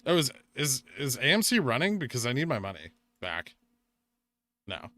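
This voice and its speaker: A young man hosting a casual livestream, chatting with viewers, reading out donations and making quick asides. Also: mid-range voice, big pitch swings, pushed and bright. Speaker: livestream host.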